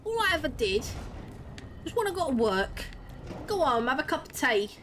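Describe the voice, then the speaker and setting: A woman's voice: high voice, sing-song, moderate pace, a bit bright, a little hiss or hum, pitched above the performer's own voice. A woman putting on an exaggerated, indignant mock-British accent as a cheeky working bloke.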